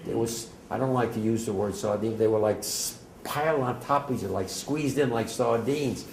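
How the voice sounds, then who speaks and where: A man in his eighties from New Jersey gives an emotional eyewitness account to an audience, halting and at times swelling almost to a shout. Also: medium pitch, roomy sound, a little hiss or hum, low-quality recording. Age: 80s. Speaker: war veteran speaker.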